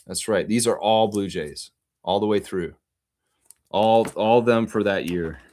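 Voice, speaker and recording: A man hosting a casual live stream, excitedly rambling to his viewers as he shows off things. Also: on the low side, measured pace. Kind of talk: casual live-stream chat showing off his card collection.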